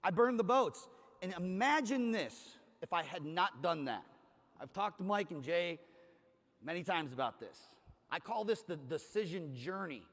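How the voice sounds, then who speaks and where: A man's voice: high voice, lively intonation, moderate pace, a bit bright. A man from Cleveland giving a motivational keynote on a conference stage, telling a story with energy and acting out the dialogue. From Cleveland, Ohio. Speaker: conference speaker. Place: large conference hall stage. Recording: hall reverb from stage PA.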